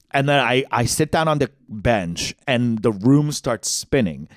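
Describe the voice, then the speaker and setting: A man and podcast co-host telling a comedic story, animated, jumping into high-pitched quoted voices. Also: moderate pace, hardly any pauses, dry recording, studio quality.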